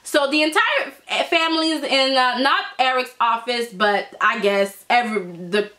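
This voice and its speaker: A woman reviewing a soap opera in casual, animated chat, full of "like" and "I mean". She is opinionated and keeps circling back to her point. Her voice is high and bright. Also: moderate pace. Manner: animated and opinionated, lots of fillers.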